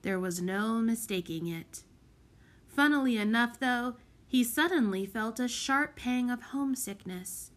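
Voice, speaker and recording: A woman's voice: a little high, unhurried. Woman reading a children's audiobook. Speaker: audiobook reader.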